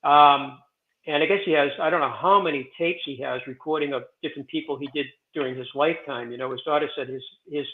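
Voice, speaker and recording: A man in his sixties with a slightly higher voice, wandering through his stories with plenty of fillers and restarts. His voice comes through a thin, tinny, phone-like line, as if he is calling in from somewhere else. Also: steady tone, fast talker. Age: 60s. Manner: rambling, digressive, frequent fillers and restarts. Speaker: guest, president of a historic stone site. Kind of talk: casual interview storytelling.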